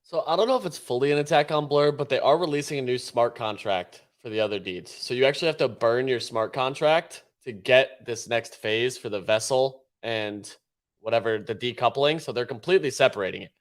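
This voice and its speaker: A man's voice: medium pitch, brisk. Matter-of-fact man explaining on a podcast. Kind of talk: casual chat.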